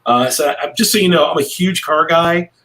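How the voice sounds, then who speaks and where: A man's voice: a little high, fairly quick, bright, forceful tone, rough recording. A brash middle-aged man, a cigar maker guesting on a podcast, telling a long rambling story in casual chat.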